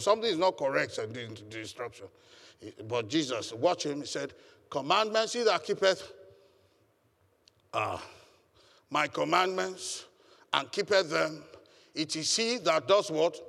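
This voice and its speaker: A man's voice: on the high side, a bit bright, in a large hall. A man preaching a sermon as pastor, emphatic and calling on the congregation to respond. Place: church hall.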